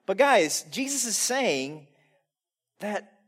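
A man preaching a sermon in a casual, conversational way, putting rhetorical questions to the congregation and swinging between loud emphasis and quiet asides. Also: sits high, very animated, takes it slowly, breathy edge.

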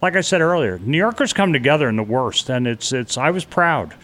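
A man's voice: on the high side, lively intonation, a bit bright. Earnest New man retelling his escape. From New York. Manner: earnest, halting retelling with frequent restarts, acting out remembered voices. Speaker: interviewee recounting a disaster escape. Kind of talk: personal storytelling in conversation.

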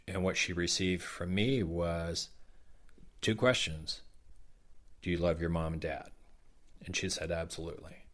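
A man's voice: low voice, fairly even intonation, a little slow, pauses often. A middle-aged man with a Southern American accent who works as Santa, telling stories in an interview and acting out the children's words. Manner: warm, anecdotal, acts out children's words. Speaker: professional Santa Claus. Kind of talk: interview storytelling.

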